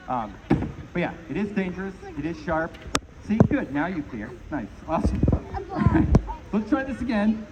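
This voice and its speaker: A middle-aged juggling performer from Maine, USA, puts on a live comedy juggling show outdoors at a pond, bantering and joking with the crowd. His high-pitched voice swings widely in pitch at a moderate pace. The outdoor recording is muffled, with loud background noise.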